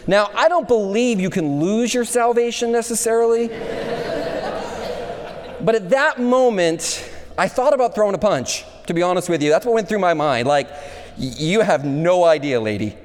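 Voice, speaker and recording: A man with a high voice preaches in a large hall, and his words trail off in a long reverb. He tells a personal story, then moves into an easygoing, conversational teaching style. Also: expressive, moderate pace, a little hiss or hum. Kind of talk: chapel sermon.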